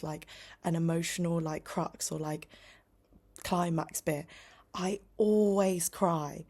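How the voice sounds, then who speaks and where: A woman's voice: fairly low pitch, gravelly, darkish tone. A young woman vlogging casually at home, rambling with lots of fillers and often dropping to a whisper. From United Kingdom. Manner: many "like" fillers, self-interrupting. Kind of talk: casual vlog chat.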